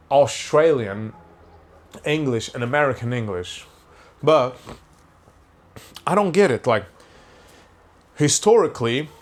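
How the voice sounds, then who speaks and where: A young man, rambling through a casual podcast monologue, full of questions and frequent swearing. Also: medium pitch. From Portugal. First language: Portuguese. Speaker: podcast host.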